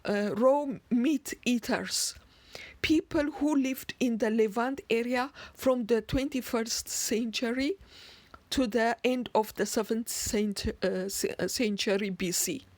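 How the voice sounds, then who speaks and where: A woman slowly explaining word origins in a lecture, deliberate, with occasional restarts. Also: fairly high pitch, a little mellow, no room sound. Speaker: narrator.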